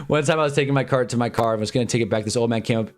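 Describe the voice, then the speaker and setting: Young man, 20s, livestream rant, lively swooping pitch, rambling, joking. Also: quick pace, faint music behind. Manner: animated, jokey, rambling with frequent laughs. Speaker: livestream host.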